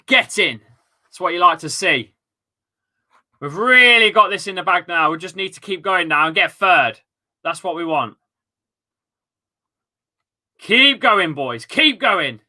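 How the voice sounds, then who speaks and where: A man with an East Midlands accent hosting a live football watchalong at home, full of excitable, sweary, rambling banter. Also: sits high, unhurried, pauses often. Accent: East Midlands English. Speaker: host of a fan watchalong stream.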